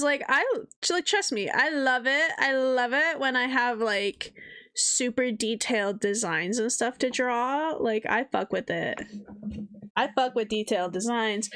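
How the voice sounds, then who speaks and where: Young female streamer, high voice, blunt and foul-mouthed, does mocking voices. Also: a bit bright, clean tone. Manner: blunt, profane, mimics people in sing-song voices. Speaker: streamer and artist. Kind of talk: casual livestream chat.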